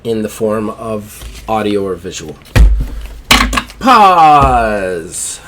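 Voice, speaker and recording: A man's voice: mid-range voice, normal speed, noisy background. Casual male podcast host. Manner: upbeat, swears casually, wraps up with plugs.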